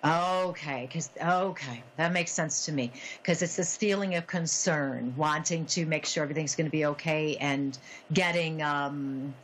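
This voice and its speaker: A woman hosting a psychic medium call-in show, speaking gently and haltingly with many fillers and soft laughs. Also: sits low, a little hiss or hum, poor audio. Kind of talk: call-in radio reading.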